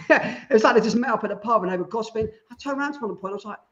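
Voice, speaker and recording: Fast-talking excited man, muffled sound. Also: high voice, over a noisy crowd. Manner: enthusiastic storyteller. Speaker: podcast co-host. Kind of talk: casual podcast chat.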